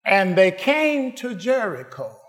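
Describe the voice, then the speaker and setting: A man preaching a call-and-response sermon, asking the congregation questions and rising to shouted answers. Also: sits high, very animated, takes it slowly.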